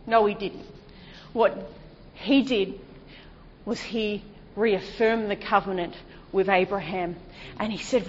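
A woman preacher delivering an emphatic sermon, full of rhetorical questions and dropping to a hushed, lower voice at times. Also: steady tone, slow pace, pauses often, a little hiss or hum. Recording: dull sound with long hall reverb.

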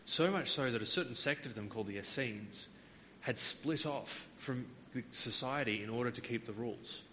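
A man's voice: mid-range voice, normal speed, bright, forceful tone, big-room sound, highs cut off, slight background noise. A man preaching a Bible teaching sermon, explaining verses patiently with frequent hesitant fillers.

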